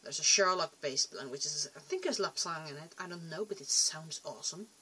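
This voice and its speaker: A woman's voice: low voice, a little fast, bright, forceful tone, a little hiss or hum. A young woman rambling casually to camera in a vlog, chatty and self-deprecating, often trailing off and restarting. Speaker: vlogger.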